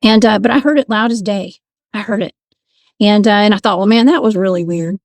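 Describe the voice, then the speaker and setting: A woman, a paranormal investigator telling her stories as a guest in a casual, animated way. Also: mid-range voice, a little fast, no room sound. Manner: animated, laughs often, restarts sentences. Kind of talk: casual storytelling.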